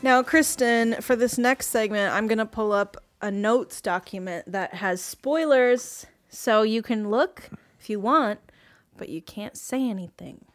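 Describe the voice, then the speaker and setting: A woman's voice: a little high, a little slow, no echo, faint music behind. A woman co-hosting a comedy podcast, teasing her guests with a guessing game over a video call. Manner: teasing, playful quiz-giver. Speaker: podcast co-host running the segment.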